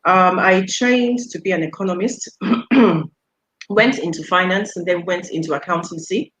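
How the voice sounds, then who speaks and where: Animated woman telling her story. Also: on the low side, measured pace, rough recording. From United Kingdom. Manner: animated storyteller, laughs often, acts out quoted voices. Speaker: guest, radio station executive. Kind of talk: casual interview chat.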